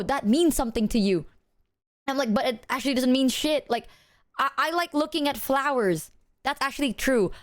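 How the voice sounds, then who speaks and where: A young woman streamer ranting to her viewers in an animated, profane, casual way. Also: sits high.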